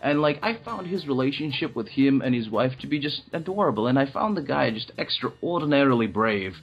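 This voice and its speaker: A man co-hosting a casual movie chat, talking in excited, profane, rambling bursts with many restarts. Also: medium pitch, a little fast, creaky, highs cut off, faint music behind. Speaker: podcast co-host.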